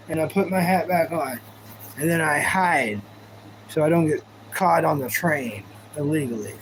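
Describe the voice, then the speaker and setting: A man's voice: fairly high pitch, moderate pace, fairly bright tone, a little hiss or hum, rough recording. A man chatting casually on a live stream, rambling and goofy, thanking viewers as he goes. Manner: goofy, rambling, talks to chat.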